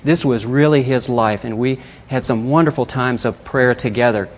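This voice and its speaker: A man's voice: medium pitch, moderate pace. A middle-aged man telling a personal missions testimony with slides, acting out the voices he quotes.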